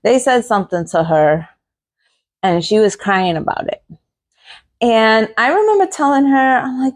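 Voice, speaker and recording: A woman's voice: on the high side, expressive, measured pace, long pauses. Earnest woman giving a motivational talk. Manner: earnest, repeats phrases, asks rhetorical questions. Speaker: podcast host. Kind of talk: motivational monologue.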